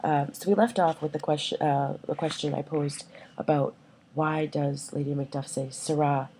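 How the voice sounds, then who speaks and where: A woman's voice: deep voice, fairly even intonation, normal speed, gravelly, darkish tone, slight background noise, rough recording. A woman teacher giving a recorded class lecture, explaining with many fillers and checking that her listeners follow.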